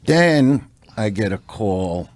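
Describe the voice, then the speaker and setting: A man, a comedian guest on a podcast, telling a showbiz story in a brash, profane, animated way, building to punchlines on a close studio mic. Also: fairly low pitch, slow, no room sound.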